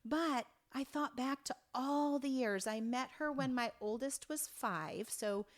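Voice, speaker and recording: A woman in her fifties from Oregon, a podcast guest telling a story in an earnest, halting way with many restarts. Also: high-pitched. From Oregon, USA. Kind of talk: conversational storytelling.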